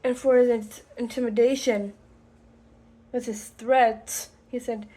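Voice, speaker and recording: A woman talking to the camera about something personal, slowly and haltingly, with many pauses and restarts. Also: on the high side, steady tone, mellow. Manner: slow, halting, deliberate with frequent pauses and restarts. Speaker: vlogger.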